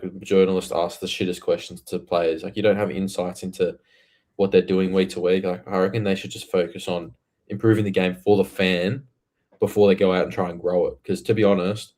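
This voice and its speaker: Blunt low-voiced Australian man. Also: darkish tone. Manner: blunt, sweary, opinionated. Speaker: podcast co-host. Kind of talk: casual chat.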